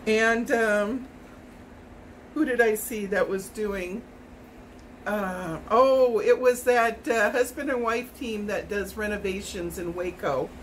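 A woman's voice: mid-range voice, slow pace, slight background noise, poor audio. A middle-aged woman from Hawaii cooking in her home kitchen, chatting in a rambling way as she tastes and snacks. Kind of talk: casual cooking chat.

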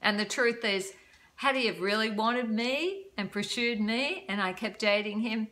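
A woman's voice: a little high, measured pace, a bit bright. An older woman in casual chat to camera, giving dating advice, chatty and self-deprecating, laughing often.

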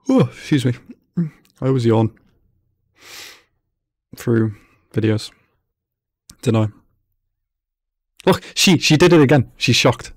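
Man, anime reaction commentary, laughs a lot, mid-pitched voice, dry close sound. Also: lively intonation, takes it slowly, long pauses, no room sound. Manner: laughs often, amused running commentary.

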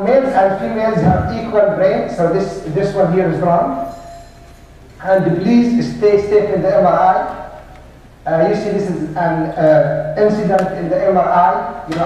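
A middle-aged man giving a medical lecture as a neurologist, halting with many fillers and dry jokes. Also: high-pitched, mellow. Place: large lecture hall. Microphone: room mic, often away from it. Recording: echoey hall from far off, faint noise.

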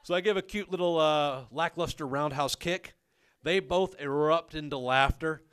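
A man telling a comic personal story on a podcast, animated and self-mocking, with his voice leaping up on quoted lines. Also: fairly high pitch, normal speed, smooth. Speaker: comedic storyteller.

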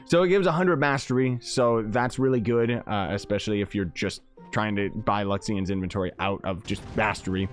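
A man's voice: fairly low pitch, moderate pace, hardly any pauses, soft background music. A man giving casual game commentary as a YouTuber, rambling and joking at his own expense while he talks through items. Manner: playful, rambling, jokey, self-mocking. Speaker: gaming YouTuber.

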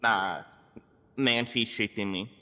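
Taunting man with a bright voice. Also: lowish voice, steady tone, takes it slowly. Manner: taunting, profane. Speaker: player. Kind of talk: casual game role-play.

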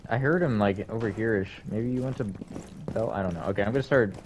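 A man with a fairly low voice making excited callouts to his teammate over voice chat, with some swearing. Loud game gunfire keeps going under his voice. He talks into a headset. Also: a little fast, a little hiss or hum. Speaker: video game player. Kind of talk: team voice chat during play.

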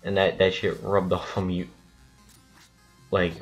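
A man's voice: low voice, completely flat delivery, measured pace, soft background music. A man rambling and swearing through casual gameplay commentary, with lots of restarts. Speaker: gaming channel host.

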